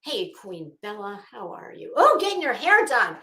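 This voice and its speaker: A woman's voice: mid-range voice, big pitch swings, moderate pace, bright, forceful tone, roomy sound. A middle-aged woman from Florida with a Florida Southern accent, hosting a casual livestream, chatting frankly, swearing freely and greeting viewers by name. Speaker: livestream host.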